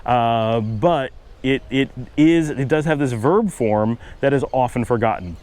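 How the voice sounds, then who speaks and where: A man's voice: medium pitch, measured pace, darkish tone. An American man with a Northern US accent talks outdoors into a handheld camera, explaining things thoughtfully with frequent restarts. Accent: Northern US, Cleveland-Buffalo area. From United States. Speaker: vlogger. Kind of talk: casual explanatory monologue.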